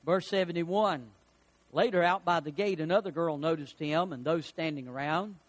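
A middle-aged male pastor preaching a sermon, animated and folksy, telling homely anecdotes between Bible readings. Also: on the high side, moderate pace.

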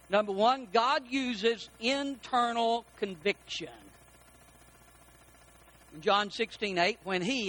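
Middle-aged male pastor, high and bright, preaches in a storytelling way with drawn-out stresses. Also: poor audio. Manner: preaching with storytelling, slow emphatic stresses, quoted dialogue. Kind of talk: sermon.

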